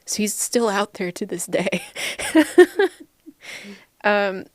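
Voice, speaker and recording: A woman's voice: medium pitch, slow pace, no room sound, clean studio sound. A woman co-hosting a podcast in a casual movie review chat, laughing often as she pokes fun at a film. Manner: laughs often, mocking and playful. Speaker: podcast co-host.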